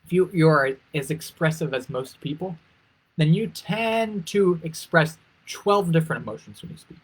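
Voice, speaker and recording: On a live stream, an interview coach energetically works with pageant contestants, repeating key phrases for emphasis and swooping his pitch to show emotions. He speaks at a normal speed with a slightly rough voice, and the recording is low quality.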